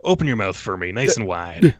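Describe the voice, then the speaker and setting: A man's voice: on the low side, big pitch swings, fairly quick, no echo, clean studio sound. A man voicing a small, grubby man aboard a ship in a tabletop game, sighing and wry. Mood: weary.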